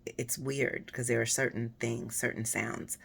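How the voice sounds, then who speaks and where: A woman speaks to her viewers in a relaxed, encouraging chat. Her voice is husky and raspy, hoarse and breathy, with a gravelly fry running under many words. She takes her time and drifts through small fillers. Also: extremely low pitch. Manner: warm, personal, unhurried with fillers. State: hoarse after voice surgery. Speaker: vlogger. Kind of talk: casual encouraging talk to viewers.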